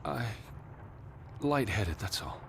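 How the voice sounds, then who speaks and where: A man's voice: mid-range voice, expressive, slow pace, gravelly, background noise. A fretful man searching for his sister. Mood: faint. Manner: fretful, breathless when weak. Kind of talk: video game voice acting.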